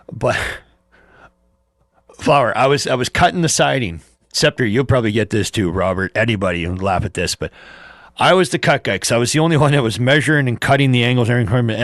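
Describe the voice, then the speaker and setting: A man's voice: fairly low pitch, fairly bright tone, no echo, studio quality. A middle-aged man hosting a casual livestream from home, telling rambling stories, swearing freely and laughing at himself. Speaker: livestream host chatting with viewers. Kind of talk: casual storytelling.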